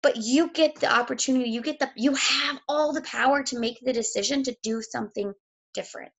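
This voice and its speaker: A woman's voice: high-pitched, brisk, fairly bright tone, slightly rough. A woman, a fitness coach giving a blunt, emotional motivational talk, sick and close to tears, swearing freely.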